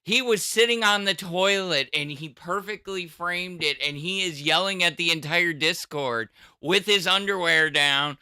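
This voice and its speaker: A man chats casually on a livestream, rambling and circling back on his words. His voice is bright and smooth, and it is recorded close and dry. He speaks at a slow, unhurried pace. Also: on the high side, no room sound. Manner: rambling, with stammered restarts. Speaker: podcast co-host.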